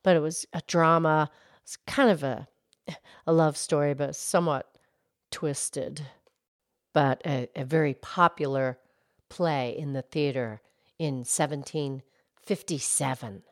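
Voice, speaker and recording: A woman voicing a gentle female cow who calmly explains history on a children's show. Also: deep voice, a little slow, long pauses, no room sound, studio quality. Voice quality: calm, explanatory, hesitant restarts. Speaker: co-host, explainer.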